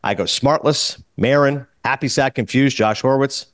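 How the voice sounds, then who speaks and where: A man hosting a podcast, telling a story in casual chat, excitable and acting out the people he quotes. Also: medium pitch, dry recording, clean studio sound. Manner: rapid, excitable, acts out quotes. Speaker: podcast host.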